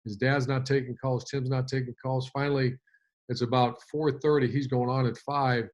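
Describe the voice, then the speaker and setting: A middle-aged man, a football coach, telling a story in an interview, animated, with many restarts and fillers. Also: medium pitch, moderate pace.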